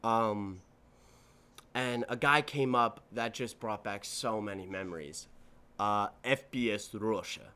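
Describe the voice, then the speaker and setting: Smooth-voiced young man, rambling and profane. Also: lowish voice, slow, sharp tone. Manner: rambling, profane, self-correcting storytelling. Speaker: podcast host. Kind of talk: casual solo podcast monologue.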